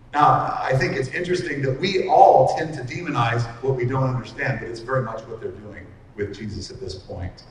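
Middle-aged guy preaching in a big echoey hall, kinda far from the mic, slows down to hit the big points. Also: a little high, a little hiss or hum. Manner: earnest, slows down to stress key lines. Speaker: pastor. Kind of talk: expository sermon. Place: large hall with long reverb.

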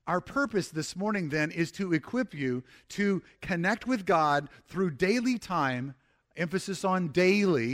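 A middle-aged male pastor delivers a sermon in a voice sitting a little higher than most men's. He talks in a conversational way, restarting phrases and slowing down to stress key points. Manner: conversational preaching, frequent restarts, slows for emphasis.

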